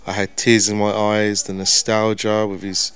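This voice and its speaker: Smooth, even-toned male podcast co-host. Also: lowish voice, moderate pace. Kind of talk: casual review chat.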